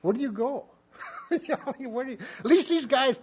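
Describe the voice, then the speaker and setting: A man's voice: very high voice, fairly quick, a little mellow, breathy edge. A man from Montana giving a speaker share at a recovery meeting, telling his story in a folksy way and acting out what others said. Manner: folksy storytelling, acts out quotes. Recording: dull lo-fi meeting tape.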